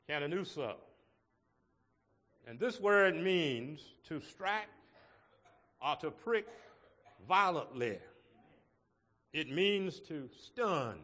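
A man preaching a sermon to his congregation in a slow, measured way, with emphatic rises on key words. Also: on the high side, fairly bright tone, big-room sound. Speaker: pastor.

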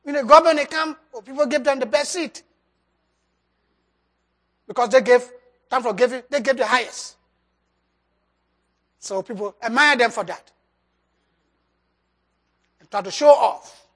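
A preacher giving a sermon and altar call, swinging between loud emphasis and soft drops, with loose grammar. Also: mid-range voice, unhurried, long pauses. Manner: loose, nonstandard English grammar.

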